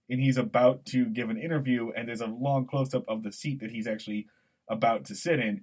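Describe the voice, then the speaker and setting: A man's voice: medium pitch, slightly rough. Chatty male podcast co-host. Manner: animated, digressive storytelling. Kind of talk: conversational podcast discussion.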